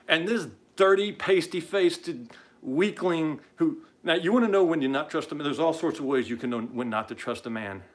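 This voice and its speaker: A man's voice: on the high side, moderate pace. Blunt, stammering male show host. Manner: frequent "uh" and stammering restarts; blunt and combative. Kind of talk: casual live-stream commentary.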